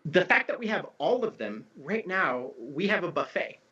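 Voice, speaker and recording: Guy teaching on a call, higher voice, acts out tones, kinda muffled lo-fi sound. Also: moderate pace. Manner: animated, explanatory, acts out tones of voice. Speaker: guest teacher of symbolism. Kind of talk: casual conversation. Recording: dull lo-fi audio.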